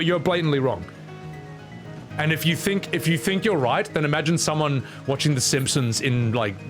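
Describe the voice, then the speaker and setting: A man from Australia, streaming a game and ranting bluntly with opinions and swearing. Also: mid-range voice. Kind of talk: casual gaming commentary. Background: game music.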